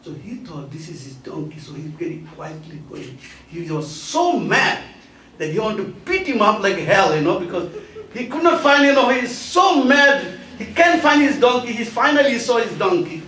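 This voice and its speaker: A male preacher tells a parable in a high, lively voice that leaps up and down. His voice echoes around a temple hall from a distant mic. Faint noise sits underneath. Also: moderate pace. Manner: animated, laughing storyteller. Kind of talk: storytelling sermon.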